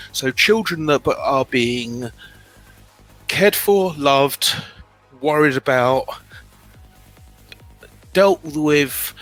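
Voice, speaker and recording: Bright-voiced British man, animated storyteller. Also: a little high, low-quality recording. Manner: animated, self-deprecating, many restarts. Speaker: guest. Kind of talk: candid personal storytelling.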